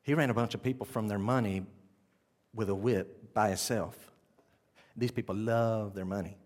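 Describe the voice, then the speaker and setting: Animated preacher man, loud then hushed. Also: fairly low pitch, normal speed. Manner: animated, swinging between loud emphasis and quiet intensity; conversational, addresses the congregation directly. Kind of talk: sermon.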